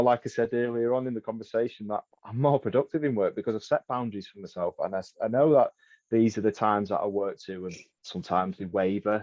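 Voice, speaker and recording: Man, reflective rambler, low voice, muffled dry podcast audio. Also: dry recording. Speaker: guest. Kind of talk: casual podcast chat.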